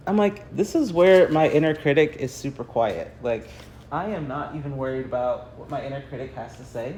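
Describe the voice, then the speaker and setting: Her voice is bass-deep and a little mellow, with a faint hiss or hum. The American artist paints in her home garage in the early morning while hosting a casual phone livestream, her talk wandering, packed with fillers, and often dissolving into laughs.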